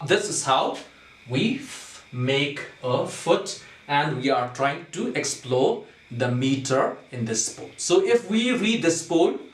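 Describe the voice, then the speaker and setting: A man's voice: on the high side, lively intonation, slow pace. A male teacher patiently explaining a poem to a class, often checking understanding with "okay?". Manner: patient, repeats points, keeps checking with "okay?". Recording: roomy sound, far from the mic, faint noise.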